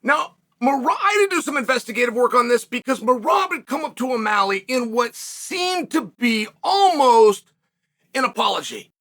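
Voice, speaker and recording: A man's voice: extremely high pitch, expressive, moderate pace, pushed and bright. A man hosting a solo sports commentary show, talking emphatically, asking rhetorical questions and sometimes raising his voice. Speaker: combat sports commentator host.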